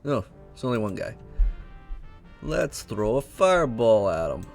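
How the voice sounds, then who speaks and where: A man's voice: fairly low pitch, big pitch swings, unhurried, vocal fry, soft background music. A man giving casual, self-deprecating gameplay commentary with mumbled asides while playing. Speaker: let's play gamer.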